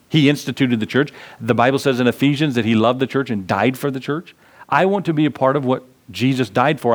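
A man preaching a sermon, quoting old-fashioned scripture and pushing his points with rising emphasis, then dropping low and reflective. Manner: quotes scripture in King James wording. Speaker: pastor.

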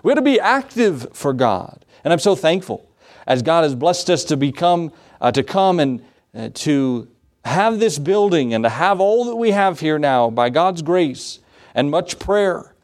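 A middle-aged man preaches, slightly higher-voiced than most men. He reads scripture aloud and tells homespun stories in a loose, folksy way. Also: very animated, unhurried. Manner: folksy storytelling with scripture reading. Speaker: pastor. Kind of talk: sermon.

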